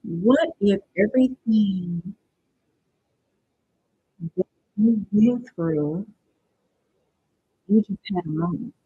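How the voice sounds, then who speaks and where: Husky-voiced woman hosting a live talk. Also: medium pitch, very slow, long pauses, no echo, narrow, tinny audio. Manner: conversational, keeps asking "right?" to the chat; addresses viewers directly and checks they understand. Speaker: workshop host. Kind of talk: live-stream motivational talk.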